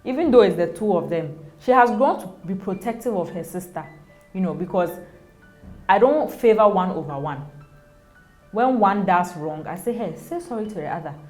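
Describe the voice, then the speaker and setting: A woman's voice: medium pitch, animated, normal speed, a little mellow, faint music behind. A young Ghanaian mother in a casual interview, speaking animatedly, often laughing and acting out quoted voices. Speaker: interview guest, mother of two.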